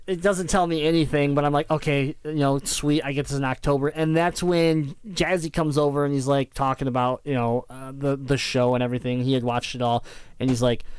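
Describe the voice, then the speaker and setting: A man co-hosting a casual chat about video games, rambling and acting out his own excited reactions. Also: mid-range voice, a little fast, clear, resonant tone, no room sound. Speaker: podcast co-host.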